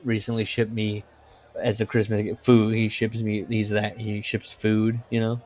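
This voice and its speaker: A man's voice: lowish voice, monotone, moderate pace, darkish tone. A man co-hosting a podcast, telling rambling stories in casual chat, laughing often and swearing. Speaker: podcast co-host.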